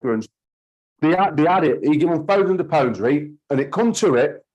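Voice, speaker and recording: A man's voice: a little high, expressive, normal speed, darkish tone, muffled recording. A man, host of a call-in talk show, ranting heatedly and swearing often. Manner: heated, sweary, repeats himself. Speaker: podcast host.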